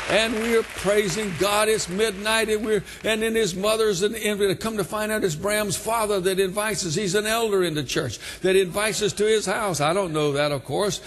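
A man's voice: sits high, steady tone, normal speed, few pauses, big-room sound, a crowd in the background, background noise. A man preaching a testimony sermon, telling his story fervently and breaking in with hallelujahs. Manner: fervent, exclaims hallelujah between lines.

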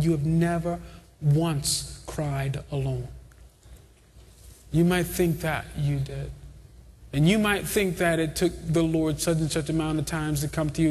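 A man's voice: on the high side, darkish tone. A man preaching a sermon to a congregation, with an impassioned, repetitive cadence. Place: church hall. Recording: long hall reverb.

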